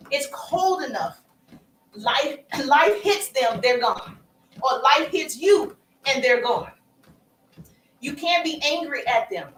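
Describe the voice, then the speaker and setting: A woman gives a motivational marketing lesson, hammering her points home in an emphatic, repetitive, preacher-like rhythm. Her voice sits high and rings in a roomy space, a little away from the mic. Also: distant mic, a little hiss or hum. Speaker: social media marketing coach. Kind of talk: motivational training talk.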